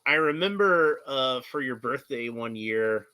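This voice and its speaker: A man's voice: mid-range voice, lively intonation, a little slow, sharp tone, clean tone, no echo. A man, chatting casually as a guest, rambling with many fillers and restarts and laughing often. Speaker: guest, artist and toy collector. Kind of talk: casual chat.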